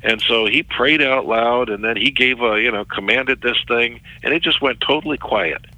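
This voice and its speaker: Middle-aged guy telling a story on an interview, super bright edgy voice, keeps repeating himself, dry sound. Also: mid-range voice, no room sound, poor audio. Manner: halting, repeats words while telling a story. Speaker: interview guest, ministry worker.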